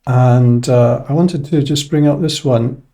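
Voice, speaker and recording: Male English teacher, unhurried explainer, warm dark tone, filler-heavy delivery. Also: medium pitch. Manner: relaxed, thinking aloud with many fillers. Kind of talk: casual explanatory lesson.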